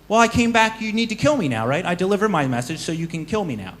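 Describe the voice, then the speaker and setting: A clever young novice monk pleads and reasons in a raised, eager voice, as a man puts him on. His manner is earnest and quick-witted, like a storyteller's hero. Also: high-pitched, sing-song, pitched above the performer's own voice.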